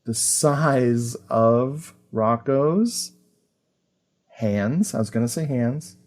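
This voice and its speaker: A man hosting a podcast, chatting casually about an old film, animated and full of fillers and laughter. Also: medium pitch, extremely slow. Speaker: podcast host. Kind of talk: casual film review chat.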